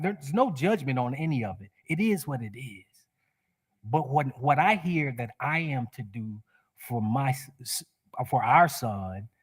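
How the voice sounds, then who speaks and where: A man's voice: mid-range voice, breathy edge. A man giving a spiritual sermon to a congregation, telling a personal story with animation and laughing at himself. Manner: animated, laughs at his own stories. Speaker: guest speaker. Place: church sanctuary.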